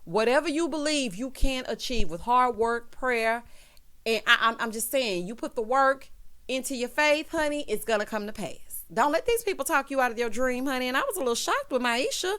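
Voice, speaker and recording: Woman doing a chatty tv recap, kinda high voice, super expressive, talking right to her viewers. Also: normal speed. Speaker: TV episode reviewer. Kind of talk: casual recap commentary.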